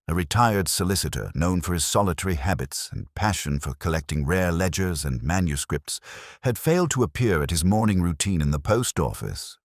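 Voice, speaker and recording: A man hosting and narrating a classic detective story in a measured, solemn storyteller manner. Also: rumbling low, no echo, studio quality. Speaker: host and narrator.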